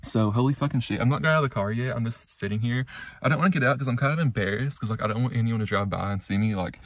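A man's voice: medium pitch, very fast, no echo. A young man vlogging casually from his car and the snowy roadside, rambling and swearing constantly. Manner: rambling, heavy swearing, lots of "like" and "y'all". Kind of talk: casual vlog to camera. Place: car and roadside in snow, then parked truck.

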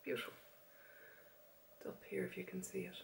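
A woman's voice: on the low side, monotone, rapid-fire, gravelly, a little mellow, slight background noise. A woman, chatting casually to camera in a beauty vlog, rambling and self-deprecating. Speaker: beauty vlogger.

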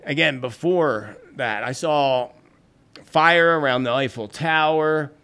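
A man's voice: fairly high pitch, slow pace, bright, forceful tone, smooth. A man hosting his own channel, earnestly telling viewers his psychic predictions and often calling them friends. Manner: earnest, addresses listeners as "friends". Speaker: psychic host. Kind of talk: solo predictions talk to camera.

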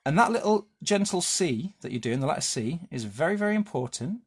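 A man's voice: fairly high pitch, very animated, a little fast, breathy edge. A man leading a live drawing lesson for children, chatty and playful, asking questions and making silly sound effects.

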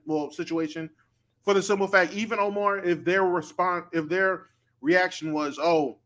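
Man, high voice, podcast co-host, emphatic slangy argument. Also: a bit bright. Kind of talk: casual debate chat.

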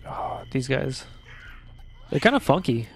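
A young man with a gravelly, crackly voice at an ordinary pitch, chatting through a couch co-op game. He jokes around, swears freely and laughs often, in the easy way of friends gaming together on a couch. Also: sing-song, measured pace. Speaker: gaming channel co-host. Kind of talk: casual let's-play chat. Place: living room couch, gaming in person.

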